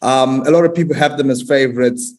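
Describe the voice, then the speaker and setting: A man's voice: medium pitch, a little fast, a little mellow, poor audio. A man in his forties with a South African accent, co-hosting a casual chat and making bold statements. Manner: bold and provocative in opinions. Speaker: co-host.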